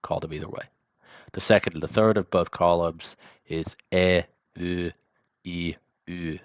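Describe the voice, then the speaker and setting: A man's voice: low voice, fairly even intonation, unhurried, dry recording, clean studio sound. A man teaching a language lesson in a casual, chatty way, enunciating carefully and dropping offhand asides. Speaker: language tutor.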